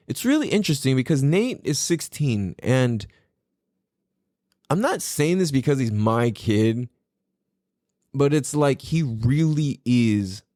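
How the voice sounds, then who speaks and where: A middle-aged man with a mid-range voice hosts a podcast, recorded in studio quality with no room sound. He tells stories casually and profanely, animatedly acting out the things he said.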